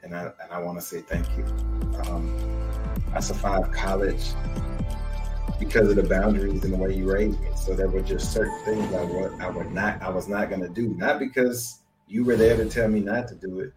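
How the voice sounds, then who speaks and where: Man, very low voice, middle-aged, earnest and heartfelt, podcast co-host, faint music behind. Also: fairly even intonation, moderate pace. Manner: earnest, emotional, speaks directly to his mother.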